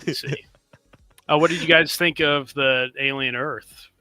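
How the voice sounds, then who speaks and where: A man chats on a casual stream in a bright, forceful voice at an ordinary pitch. He rambles through his views in a laid-back way, full of fillers. The sound is dry and close. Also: steady tone, normal speed, clear, resonant tone, no echo. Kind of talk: casual livestream chat.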